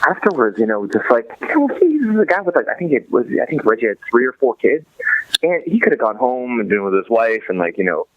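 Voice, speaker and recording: A man's voice: medium pitch, very animated, brisk, no echo, lo-fi sound. A man from Los Angeles, a podcast guest, talking in a casual, rambling way full of restarts and fillers. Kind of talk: casual chat.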